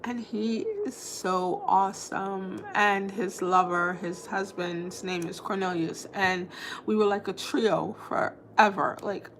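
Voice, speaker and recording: A woman's voice: medium pitch, steady tone, slow pace, fairly bright tone, a little hiss or hum. A woman in her thirties chatting casually to her vlog viewers, rambling and playful, with lots of "like" and restarts. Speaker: vlogger.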